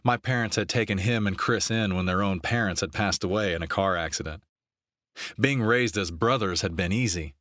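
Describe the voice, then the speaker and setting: A man narrating a romance novel in an even, steady storytelling voice on a close mic. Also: deep voice, normal speed, no echo. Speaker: audiobook narrator.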